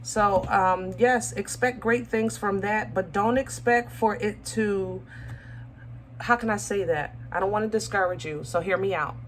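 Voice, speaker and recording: Woman, tarot reader, casual and affectionate, mid-pitched voice, gropes for words, faint hum behind. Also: a little slow. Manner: chatty, affectionate, calls viewers baby and y'all; searches for words, many ums and restarts. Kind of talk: casual tarot reading to viewers.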